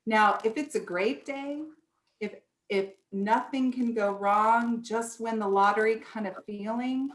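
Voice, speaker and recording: Woman workshop presenter, unhurried, explanatory delivery, roomy echo. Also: fairly high pitch. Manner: explanatory, acts out example thoughts. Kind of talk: online workshop talk. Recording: echoey room.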